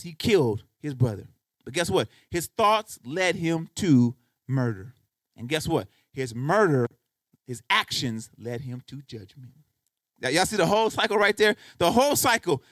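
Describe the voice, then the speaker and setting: Picture a male pastor preaching in church, his voice sitting high and swinging widely up and down. He speaks conversationally to the congregation and keeps driving points home with emphatic repeated questions. The sound is dry and close, with little room echo. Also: a bit bright. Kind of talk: sermon.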